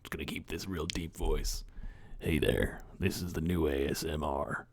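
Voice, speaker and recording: A man voicing a deep-voiced Southern man in a mock whispered role-play, drawling low and hushed in a put-on Southern accent. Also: steady tone, normal speed, breathy edge, exaggerated voice. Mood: mock soothing.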